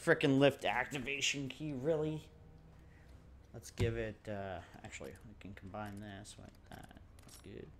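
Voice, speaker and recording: A man's voice: medium pitch, steady tone, a little slow, fairly bright tone, slight background noise. A man doing casual gameplay commentary, joking, swearing and laughing at the game as he plays. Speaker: let's play commentator.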